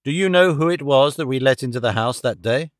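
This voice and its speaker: A man's voice: medium pitch, brisk, dry recording, studio quality, close to an everyday voice. A man reading an audiobook voices a careworn young man, urgent and earnest about his dying father. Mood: anxious.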